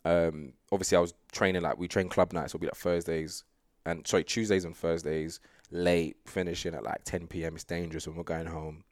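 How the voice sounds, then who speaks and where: Deep-voiced young man. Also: brisk, dry recording, studio quality. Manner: relaxed, rambling, full of fillers and laughs. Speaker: guest sprinter. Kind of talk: casual interview chat.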